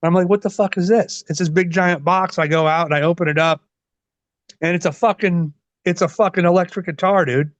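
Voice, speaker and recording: A man in his forties, a wrestler being interviewed, telling stories in a casual, profane, animated way. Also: a little high, a little fast, no echo. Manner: profane, animated, laughs often. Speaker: wrestler guest. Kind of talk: casual storytelling. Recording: dull lo-fi dry sound.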